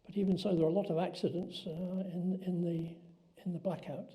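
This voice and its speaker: An older man calmly explaining past times in an oral history interview, pausing with ums. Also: high voice. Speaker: interviewee recalling wartime.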